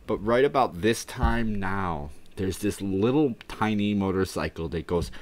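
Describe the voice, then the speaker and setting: A man hosting a casual live stream, rambling and mumbling his thoughts out loud in a warm indoor room. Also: sits low, animated, a little slow. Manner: rambling, mumbling, talking to himself.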